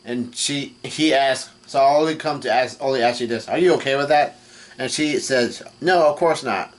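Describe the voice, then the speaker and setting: Halting and full of fillers, a mid-voiced man recaps a comic while he reads it. He's a manga reaction vlogger talking casually, frequently restarting and reading quoted text flatly.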